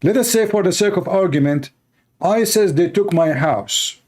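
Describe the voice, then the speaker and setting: A high-pitched, slightly mellow voice with lively intonation carries this man's moderate-paced rant. He gives a heated reaction to a news clip, insulting and arguing in broken, non-standard English.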